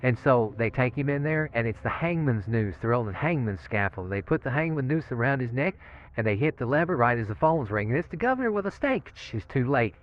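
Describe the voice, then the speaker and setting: Rambling inmate, man, mid-pitch voice, muffled phone-like audio, chuckles through his stories. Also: animated, brisk. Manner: rambling, laughing, repeats 'you know what I'm saying'. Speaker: death row inmate. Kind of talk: recorded interview, storytelling.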